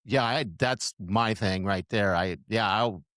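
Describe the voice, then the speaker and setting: A man's voice: on the low side, a little slow, fairly bright tone, no echo, studio quality. A middle-aged man co-hosting a podcast, chatting casually, rambling with frequent restarts and laughs. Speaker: podcast co-host. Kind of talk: casual chat.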